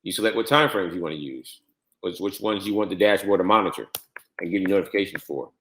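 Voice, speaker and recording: A man giving a step-by-step screen-share tutorial on trading software, repeating instructions and spelling out letters. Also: low voice, fast talker. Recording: echoey room.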